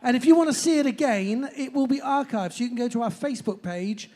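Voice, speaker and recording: A man hosting a pub live music night, rambling and chatty between loud announcements. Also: very high-pitched, fast talker. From southern England.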